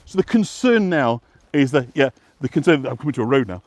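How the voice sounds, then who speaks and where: A West Yorkshire walking guide and vlog host explains things in casual chat as he walks an outdoor path, rambling with many fillers and restarts. He speaks in an expressive mid-range voice, a little fast and with few pauses, and there's no room sound.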